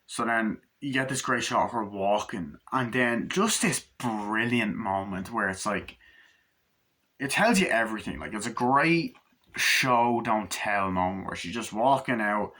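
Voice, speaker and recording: A man's voice: on the low side, unhurried, bright, forceful tone. Breathless man rambling through a movie review. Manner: rambling, profane, acts out scenes in loose paraphrase. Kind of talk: casual spoken movie review.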